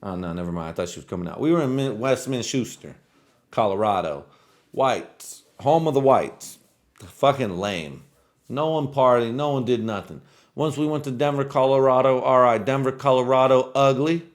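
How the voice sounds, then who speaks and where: A man's voice: mid-range voice, moderate pace. A man telling a rambling, profane story in a casual vlog monologue, a native Spanish speaker talking in English. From Mexican-American family. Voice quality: profane, rambling, laid-back. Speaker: vlogger.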